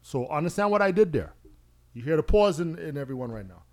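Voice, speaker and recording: A man's voice: fairly high pitch, lively intonation, brisk, a little mellow. A man co-hosting a podcast, telling a story in casual chat with emphatic, profane street slang. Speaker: podcast co-host.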